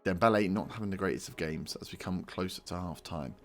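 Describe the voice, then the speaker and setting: A young man casually commentating his own football management game, excitable and talking to the players as the match plays out. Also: sits low, a little fast, soft background music. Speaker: gaming YouTuber. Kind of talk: casual let's-play commentary.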